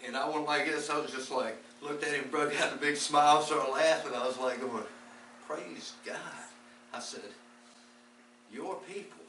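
A man's voice: on the high side, steady tone, a little fast, few pauses, sharp tone. A man giving an earnest, rambling testimony about his faith, often repeating words as he tells the story. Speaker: lay preacher. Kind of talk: testimony-style faith talk. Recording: echoey distant recording with background noise.

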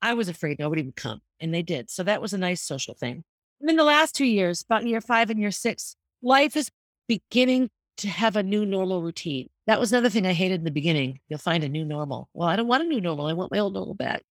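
A woman's voice: medium pitch, animated, quick pace, no room sound. Middle-aged female podcast host, earnest and candid, mid-range voice, dry close recording. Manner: candid and earnest, speaking openly about grief. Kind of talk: reflective podcast monologue.

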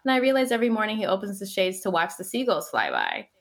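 A woman's voice: medium pitch, wildly swooping pitch, quick pace, a bit bright. A woman in her thirties in a casual podcast conversation, telling stories animatedly and laughing often.

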